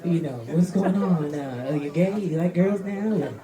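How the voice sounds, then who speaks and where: A woman's voice: on the low side, normal speed, warm tone. A young woman doing a loose, rambling stand-up set in a comedy club, often laughing between lines. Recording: live club recording with crowd laughter.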